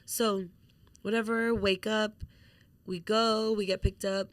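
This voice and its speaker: A woman's voice: medium pitch, slow, no echo. A young woman co-hosting a podcast, telling a story in casual chat with lots of swearing and acted-out quotes. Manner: animated storytelling, swears freely, acts out quotes. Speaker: podcast co-host.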